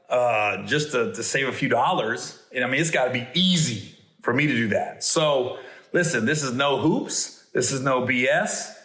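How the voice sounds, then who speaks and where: A middle-aged man, a comedian hosting a podcast, telling stories and reading ads in a playful, animated way with stammering restarts. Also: mid-range voice. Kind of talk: casual storytelling and ad reads. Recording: roomy echo.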